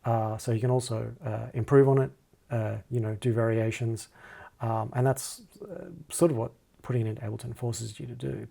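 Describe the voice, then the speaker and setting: Guy mumbling thru a music software tutorial, gravelly voice, lots of ums and restarts, kinda self-deprecating. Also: medium pitch, fairly even intonation, normal speed. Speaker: music producer teaching a DAW. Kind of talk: casual screen-recorded tutorial.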